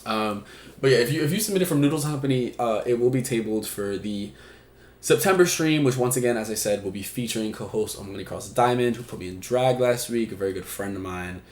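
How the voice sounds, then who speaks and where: A man's voice: mid-range voice, a little fast. A man hosting an advice stream, with a chatty, joking manner and casual swearing. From Puerto Rico. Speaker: stream host. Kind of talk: casual chat. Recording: echoey room.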